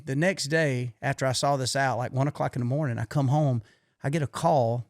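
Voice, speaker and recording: A man's voice: medium pitch, a little mellow, smooth, no echo, studio quality. A middle-aged man hosting a podcast, telling stories in a folksy, colloquial way. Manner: folksy storytelling, drawled colloquial speech. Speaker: podcast host. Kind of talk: casual conversation.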